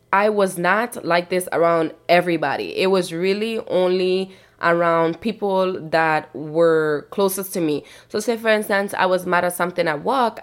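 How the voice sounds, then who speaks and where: A woman hosting her own podcast, talking through personal experiences in a casual, candid, self-reflective monologue, often checking in with "you know what I'm saying". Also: lowish voice. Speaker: podcast host.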